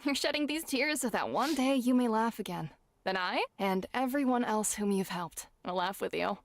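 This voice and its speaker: A woman voicing Miss Arisugawa, a gentle and wise older female performer, in a comforting, theatrical manner during a tabletop role-play. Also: on the high side, expressive, normal speed, no room sound. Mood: consoling.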